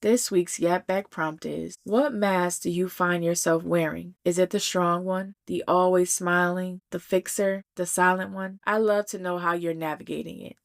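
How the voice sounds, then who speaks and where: A young adult woman hosting a solo podcast, talking in an earnest, heartfelt way and slowing down to stress her points. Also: on the low side, fairly even intonation, gravelly, soft background music. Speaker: podcast host. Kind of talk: solo reflective podcast monologue.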